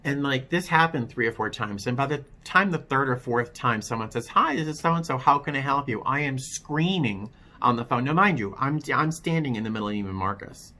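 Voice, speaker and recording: A man telling his own story in a personal testimony vlog, candid and wry, often halting and restarting his sentences. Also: medium pitch, expressive, sharp tone.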